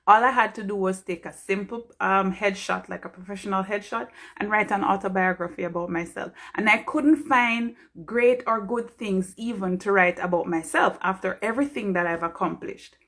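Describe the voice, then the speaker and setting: A woman's voice: medium pitch, moderate pace, fairly bright tone. A woman from Jamaica, a pharmacist giving an earnest, heartfelt motivational talk on a live stream.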